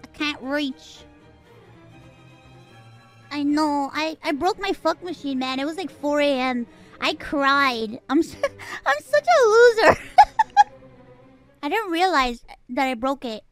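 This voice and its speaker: A woman chatting casually while streaming a game, talkative and quick to giggle. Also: sits high, a bit bright, faint music behind. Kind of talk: casual gameplay chat.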